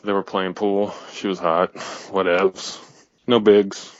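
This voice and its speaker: A man's voice: low-pitched, flat delivery, takes it slowly, no room sound, dull audio. A man co-hosting a comedy talk show, chiming in casually with extra details in a laid-back way.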